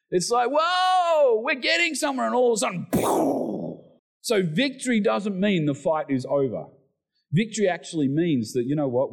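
A middle-aged man preaching a sermon, animated, with excited exclamations and humorous asides. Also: sits high. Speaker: pastor.

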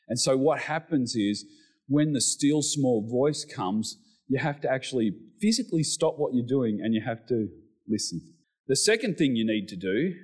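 A middle-aged man preaching a sermon, animated, with excited exclamations and humorous asides. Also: mid-range voice. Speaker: pastor.

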